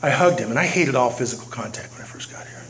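A man's voice: mid-range voice, expressive, fast. A middle-aged man speaking at a recovery meeting, telling his story earnestly and repeating key phrases for weight. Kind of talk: personal recovery testimony. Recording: noisy recording with clicks.

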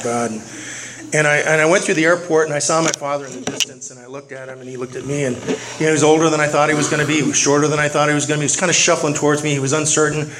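A middle-aged man speaking at a recovery meeting, telling his story earnestly and repeating key phrases for weight. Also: medium pitch. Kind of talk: personal recovery testimony. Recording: noisy recording with clicks.

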